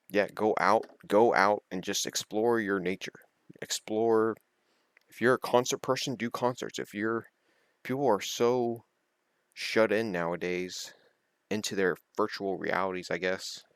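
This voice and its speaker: A man's voice: deep voice, no room sound, clean studio sound. A young man talking in a rambling, casual monologue, laughing often and drifting between topics. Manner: laughs often, digresses, chatty and earnest. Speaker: video creator.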